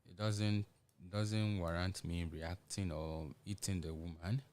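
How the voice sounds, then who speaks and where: A man with a Nigerian English accent, talking in earnest and halting chat on a gospel radio show, restarting often and slipping into pidgin. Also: sits low, steady tone, a little mellow.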